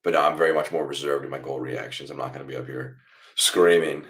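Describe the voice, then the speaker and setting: This is a young man with a remarkably deep, low voice, hosting a live football watchalong stream. He talks casually to his viewers and walks through each play as he watches. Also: fast. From United States. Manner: chatty, reacts loudly to goals then explains calmly. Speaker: watchalong host.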